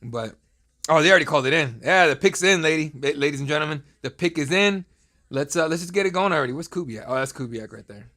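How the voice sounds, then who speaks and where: His voice sits on the high side, pushed and bright, with lively intonation and a fast delivery. The man, in his thirties, hosts a live draft stream from home into a desk mic, joking crudely and trading loose, profane banter with viewers in casual commentary.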